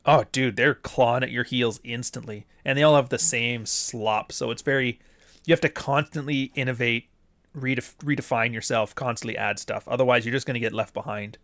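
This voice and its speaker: Here's a fairly even-toned, mid-range male voice, a bit bright, at normal speed, with no room sound. The speaker hosts a laid-back livestream from the Pacific Northwest, reading super chats, rambling on tangents, and cursing plenty.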